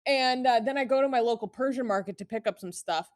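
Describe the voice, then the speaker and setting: A woman's voice: fairly high pitch, fast, no echo, studio quality. A young woman calling in, telling amused stories in a chatty, casual way full of fillers. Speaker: caller. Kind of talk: casual storytelling.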